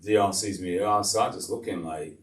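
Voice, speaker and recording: A man's voice: deep voice, fairly quick. An older man, a former teacher, telling stories. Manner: animated storyteller, acts out scenes. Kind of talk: storytelling interview. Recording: roomy, distant mic.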